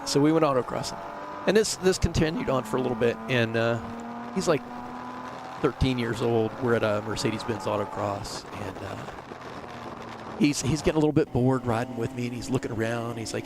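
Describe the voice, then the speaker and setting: A man's voice: mid-range voice, a little fast, noisy background. A middle-aged man telling a rambling story in a casual interview, full of fillers and restarts. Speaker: race team owner, interview guest.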